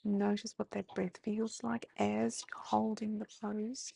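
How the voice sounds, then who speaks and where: An Australian woman teaching mindfulness, calmly guiding slow breathing and gentle movement. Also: mid-range voice, gravelly, breathy edge, dry recording. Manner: calm, slow, gently instructive. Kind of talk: guided movement and breathing instruction.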